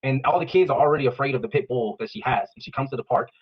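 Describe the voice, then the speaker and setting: Husky, very fast American-accented man, dull lo-fi clip, story told with dialogue. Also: mid-range voice. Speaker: parent telling a story.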